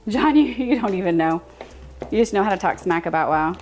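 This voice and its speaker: A young American woman chatting casually with her viewers on a live stream, animated and quick to laugh. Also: mid-range voice, soft background music.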